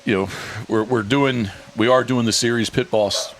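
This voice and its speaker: At medium pitch and a moderate pace, a podcast host who works as a dog handler relates a story in a casual, animated way. He repeats himself, restarts frequently and voices what others said in hushed or altered tones.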